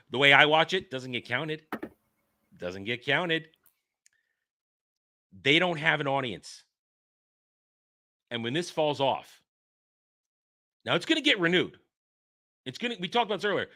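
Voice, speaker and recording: A male podcast host talking in loose, casual commentary. His voice sits a little high and sounds very bright and ringing. He is sarcastic and animated, and he mocks what others say. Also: normal speed, long pauses. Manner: sarcastic, animated, mocking quotes in a shrill voice.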